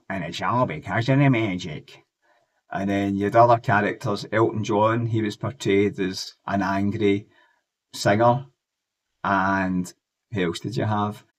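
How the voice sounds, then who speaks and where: A man talks casually for his nostalgia vlog, rambling and enthusiastic. His voice sits a bit low. He keeps an easy, chatty flow as he recalls old shows. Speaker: music and pop culture vlogger.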